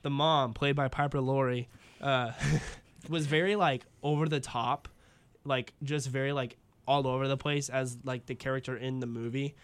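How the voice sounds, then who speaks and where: A man talking casually as a host, rambling along with plenty of "like" and "um" and laughing easily. His voice is smooth and resonant, pitched in an ordinary middle range. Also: fairly even intonation, normal speed. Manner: rambling, many fillers, laughs often. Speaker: podcast host. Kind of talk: casual chat.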